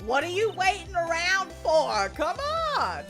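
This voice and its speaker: A woman voicing a brash, excitable southern photographer with a drawling put-on accent. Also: very high-pitched, measured pace, voice pushed up, heavily acted. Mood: urgent. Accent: American Southern, put on. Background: game music.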